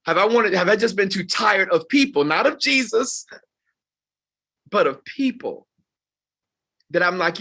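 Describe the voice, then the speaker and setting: Fifty-something male pastor, bright and forceful tone, raised pitch, expressive sermon delivery. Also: unhurried, pauses often. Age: 50s. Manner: expressive preacher, sweeping from loud highs to quiet lows. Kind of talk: closing sermon to volunteers. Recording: live talk before a group.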